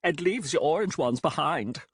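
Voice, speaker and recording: A man voicing a burly male librarian with a thick German accent who speaks in deadpan, earnest confessions. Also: fairly high pitch, normal speed, husky, dry recording, clean studio sound, voice pushed up.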